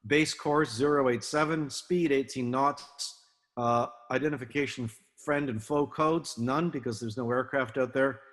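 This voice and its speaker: An older man giving an illustrated talk to an audience, relaxed and anecdotal, with many fillers and restarts. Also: medium pitch, normal speed. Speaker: guest speaker, film naval advisor. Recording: long hall reverb.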